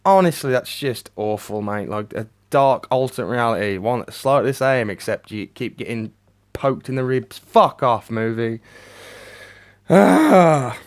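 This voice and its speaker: A man giving a ranting, sardonic movie review, swearing a lot and swinging between flat mutters and loud outbursts. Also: medium pitch, moderate pace.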